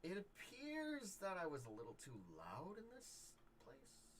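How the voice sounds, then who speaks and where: A man's voice: high-pitched, wildly swooping pitch, unhurried, background noise, pitched above the performer's own voice, exaggerated voice. A man voicing a hard-drinking female card cheat who is coy, evasive and bargaining. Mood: sly, wary.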